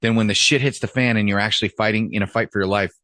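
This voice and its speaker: A man's voice: on the low side, fairly even intonation, racing, pushed and bright, no echo, clean studio sound. A man who is a former police officer co-hosting a podcast in casual chat, blunt, profane and opinionated. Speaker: podcast co-host.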